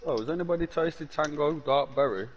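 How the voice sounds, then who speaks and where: A man's voice: on the high side, brisk, dull audio. Rambling male gamer, noisy mic. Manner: rambling, swears, hesitant restarts. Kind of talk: casual gaming chat.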